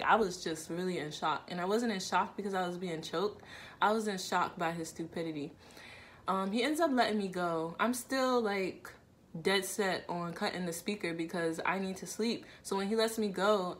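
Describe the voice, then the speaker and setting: A woman tells a personal story straight to camera in a casual vlog. She voices both sides of a quarrel as she goes and leans on conversational fillers. Her voice sits a little low, with a faint hum behind her. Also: normal speed. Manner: animated, acts out both sides of the argument. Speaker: YouTuber telling a personal story.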